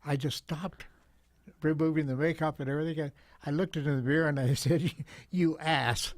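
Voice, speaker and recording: An older man, a guest on a talk show, telling a story in a gentle, reflective way with frequent repeats. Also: a little high, steady tone, fast talker, no echo.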